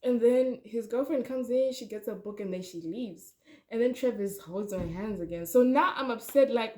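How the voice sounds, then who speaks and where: A young woman telling a storytime vlog, animated and chatty, talking straight to her viewers. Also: a little high, moderate pace. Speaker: vlogger.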